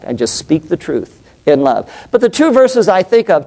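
A man's voice: high-pitched, wildly swooping pitch, moderate pace, creaky, dark tone. A middle-aged man, a pastor and psychologist, preaching a passionate, emphatic sermon and putting questions to the congregation.

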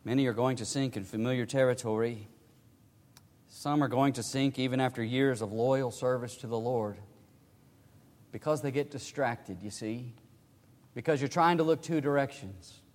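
A man preaching a sermon to his congregation. He swings between hushed, low passages and loud, emphatic cries. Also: normal speed. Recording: reverberant hall.

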